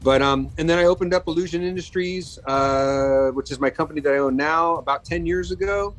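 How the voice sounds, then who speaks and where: A man's voice: fairly high pitch, brisk, low-quality recording. A man in his fifties, a guest in a casual interview, telling stories about his work in a chatty way with many fillers and restarts. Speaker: guest, makeup effects artist.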